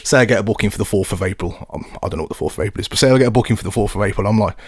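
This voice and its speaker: A man's voice: fairly low pitch, racing, hardly any pauses, husky, no echo, clean studio sound. A man, hosting a podcast and chatting casually, often asking "do you know what I mean". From England. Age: 30s. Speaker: podcast host. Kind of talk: casual chat.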